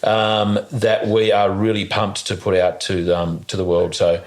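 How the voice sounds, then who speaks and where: A man hosting a podcast interview in a casual chat, talking haltingly with many fillers and restarts. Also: lowish voice, monotone. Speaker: podcast host.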